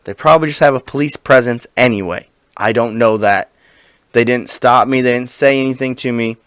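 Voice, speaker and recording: A man co-hosting a podcast, telling a story in casual chat, animated and profane, acting out the lines of the people in it. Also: mid-range voice, brisk, clear, resonant tone, dry recording. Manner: animated, profane, acts out quoted dialogue. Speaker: podcast co-host.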